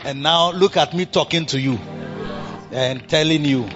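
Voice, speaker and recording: A man's voice: a little high, a little slow. A man, preaching a sermon with sing-song calls and exclamations. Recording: dull lo-fi recording with faint music.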